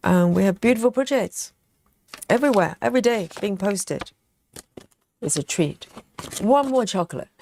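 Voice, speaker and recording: A woman hosting a cross-stitch livestream, chatting casually and relaxed, with many fillers, snacking on chocolate as she talks. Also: medium pitch, moderate pace, creaky, long pauses, a little hiss or hum.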